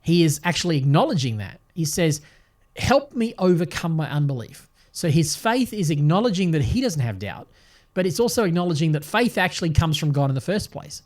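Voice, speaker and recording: An older man hosting a devotional podcast, talking in an earnest, reflective way with gentle restarts. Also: a little high, sing-song, brisk. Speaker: podcast host and Bible teacher.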